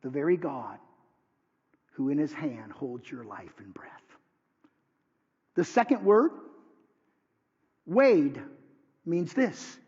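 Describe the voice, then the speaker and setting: A man who is a pastor, preaching a sermon with dramatic swings from hushed lines to near shouts. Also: fairly high pitch, sing-song, slow pace, pauses often, breathy edge. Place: church sanctuary. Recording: dull sound with long hall reverb.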